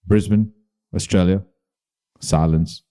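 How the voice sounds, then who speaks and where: A man from Bahrain, hosting a podcast and giving a measured, dry scripted documentary narration. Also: low-pitched, steady tone, mellow. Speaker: podcast host.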